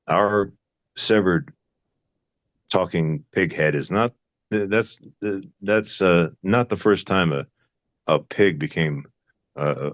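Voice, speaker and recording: Very deep-voiced older man, rambling. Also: dry recording. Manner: rambling, many restarts and fillers, musing. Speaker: actor guest. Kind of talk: casual interview chat.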